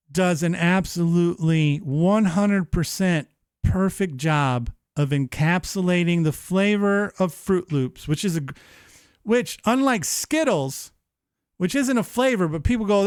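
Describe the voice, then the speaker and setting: A man in his thirties hosting a live-streamed show, chatting casually in an animated, profane, rambling way. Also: high voice, clean tone, dry recording, studio quality. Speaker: livestream show host.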